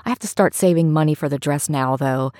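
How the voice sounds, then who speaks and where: A woman's voice: low voice, brisk, a little mellow, no echo, studio quality, close to an everyday voice. A woman voicing a bold, blunt teenage schoolgirl in an audiobook, speaking in frank, casual teen talk. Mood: chatty.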